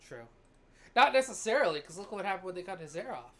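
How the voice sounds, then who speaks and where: Wry woman podcaster, lively pitch. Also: fast talker. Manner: wry, joking asides. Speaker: podcast co-host. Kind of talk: casual podcast chat.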